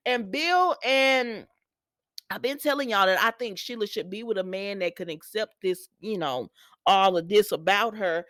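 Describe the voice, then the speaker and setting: A woman chatting casually to her viewers as a soap opera recap vlogger, lively and talking straight to them. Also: medium pitch, normal speed, no room sound.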